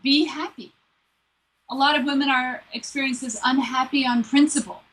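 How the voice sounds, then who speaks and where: A woman's voice: high-pitched, fairly even intonation, moderate pace, a bit bright, breathy edge, rough recording. A woman working as a relationship coach, earnestly walking through numbered advice in a conversation. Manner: earnest, lays out numbered steps, drops into playful quoted voices.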